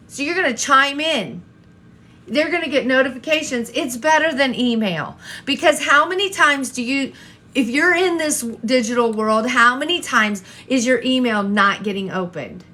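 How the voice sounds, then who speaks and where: A woman's voice: high voice, lively intonation, a little slow, pushed and bright. A woman coaching an online audience, talking straight to viewers and firing rhetorical questions, often repeating herself. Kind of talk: live-stream coaching talk.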